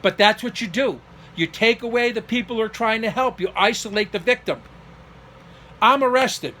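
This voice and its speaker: Middle-aged man, high and bright, agitated storyteller who voices everyone he quotes. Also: normal speed, a little hiss or hum. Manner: agitated, acts out quoted dialogue, rising to near shouting. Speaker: vlogger telling a personal story. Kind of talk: emotional personal monologue.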